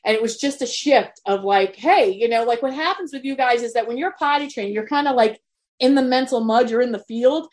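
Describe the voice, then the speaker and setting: A woman presenting a live webinar as a coach, with a voice pitched a little above average. She talks in a candid, earnest way, urging her listeners on and not shy about swearing. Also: brisk, a little mellow. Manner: earnest and motivational. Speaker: potty training coach.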